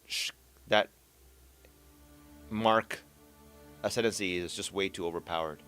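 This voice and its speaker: A man hosting a casual gaming chat, animated, who laughs often and trails off into repeated words. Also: low voice, a little slow, faint music behind. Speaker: podcast host.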